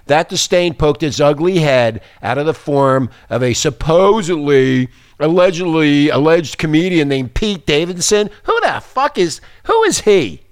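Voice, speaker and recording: A man's voice: medium pitch, no room sound, studio quality. A man hosting a talk radio show, ranting angrily and swearing often. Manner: angry, profane, insulting.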